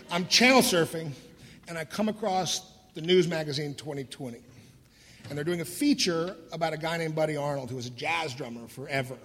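A middle-aged man candidly telling his own recovery story, wry and laughing through the dark parts. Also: on the high side. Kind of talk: personal storytelling talk. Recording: voice in a hall with long reverb.

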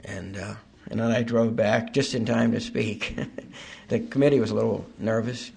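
An older man giving a personal recovery testimony at a meeting, halting with frequent fillers and wry self-deprecating humor. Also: on the low side, steady tone, creaky, very noisy.

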